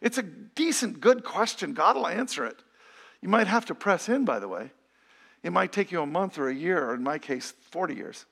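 High gravelly middle-aged male preacher. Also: animated, normal speed, fairly bright tone. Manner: conversational and emphatic, with rhetorical questions. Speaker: pastor. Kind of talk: sermon.

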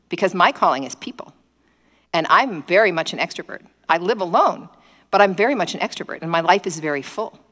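Lower-voiced woman preaching in a reverberant hall. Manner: animated storytelling, acting out prayers in quoted voices. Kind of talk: sermon. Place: indoor gathering space.

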